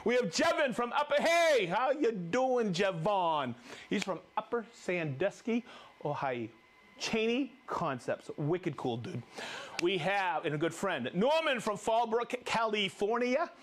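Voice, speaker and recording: A high-voiced man hosts a live stream, calling out viewers one after another with jokes and whoops. His pitch swings widely and lively, and his delivery stays upbeat and playful. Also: measured pace, slight background noise. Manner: upbeat, jokey, reads viewer names with whoops. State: recovering from a cold. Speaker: livestream host.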